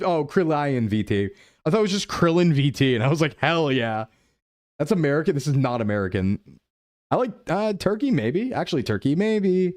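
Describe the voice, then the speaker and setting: Lively, fairly high-voiced male streamer. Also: brisk, no room sound, studio quality. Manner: chatty, playful, reacts to chat while guessing aloud. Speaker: VTuber streamer. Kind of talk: live-stream gameplay commentary.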